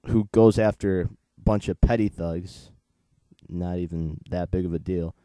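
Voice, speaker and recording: Deep-voiced teenage comic reviewer. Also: male voice, fairly even intonation, measured pace, dark tone, dry recording. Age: late teens. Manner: chatty and digressive, retelling the plot.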